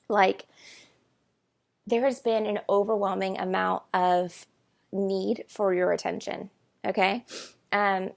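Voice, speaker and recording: A woman's voice: mid-range voice, creaky. A woman giving a casual, rambling tarot reading on her channel, talking into earbud microphones with many fillers. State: tearful, emotional at times. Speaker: tarot reader.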